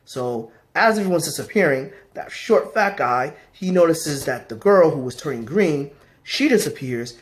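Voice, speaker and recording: A man's voice: fairly high pitch, expressive, normal speed. A man vlogging a casual comic book story recap, rambling with lots of fillers. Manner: rambling, many fillers like "you know" and "basically".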